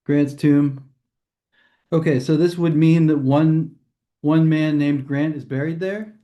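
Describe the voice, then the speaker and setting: A man's voice: on the high side, steady tone, dark tone, highs cut off. A man teaching a casual test prep lesson, thinking aloud and correcting himself as he goes. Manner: chatty, thinks aloud, quick self-corrections. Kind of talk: informal classroom lesson.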